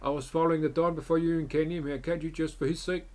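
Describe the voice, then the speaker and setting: A man's voice: a little high, fairly even intonation, fast talker, voice pushed up, natural voice. A man reading out a pleading, middle-aged male mob underling from a game's story.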